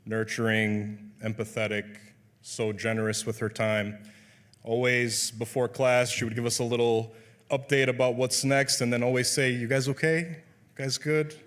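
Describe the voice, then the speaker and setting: A man's voice: mid-range voice, flat delivery, normal speed, a bit bright. Sincere young man introducing a speaker. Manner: sincere, admiring. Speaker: student presenter. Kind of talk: ceremony introduction. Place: event hall.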